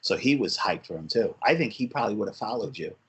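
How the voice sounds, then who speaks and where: Man in his forties, light New Jersey accent, husky voice, very lively pitch, reminiscing with chuckles. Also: quick pace, dull audio. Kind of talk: casual chat.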